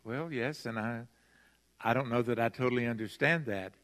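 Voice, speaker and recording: Older male pastor, earnest sermon, emphatic slow stressed phrases, mid-pitched voice, long church hall reverb. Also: a bit bright. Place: large church sanctuary.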